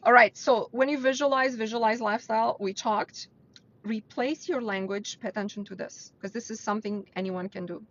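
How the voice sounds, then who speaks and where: This weekly live mindset talk comes through dull, lo-fi livestream audio. Its female host, fairly high-pitched, fairly quick and fairly even in intonation, speaks to her viewers with blunt earnestness and pushes her voice up for emphasis.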